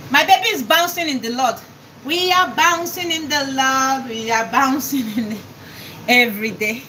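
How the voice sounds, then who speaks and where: Chatty high-voiced Nigerian woman. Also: moderate pace, a little hiss or hum, rough recording. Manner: chatty, laughing, shouts greetings to viewers. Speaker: live-stream vlogger. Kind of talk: casual live-stream chat while cooking.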